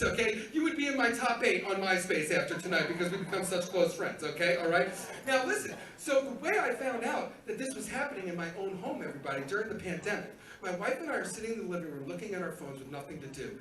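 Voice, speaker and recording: Guy doing stand-up live, big swings in pitch, rowdy crowd work, boomy room sound from a distance. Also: expressive, brisk, roomy sound. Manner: loud, rowdy crowd work with squealing high put-on voices. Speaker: stand-up comedian. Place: comedy club theater stage.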